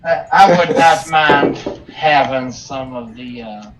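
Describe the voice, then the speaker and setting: A man's voice: mid-range voice, measured pace. A man playing a tabletop game, chiming in casually. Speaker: player. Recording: echoey room, far from mic, chatter.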